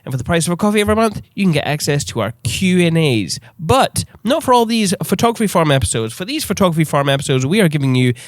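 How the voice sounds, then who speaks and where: A man hosting a podcast in casual chat, excitable, swearing freely and laughing often. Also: on the high side, fast talker, few pauses, no echo, studio quality. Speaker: podcast host.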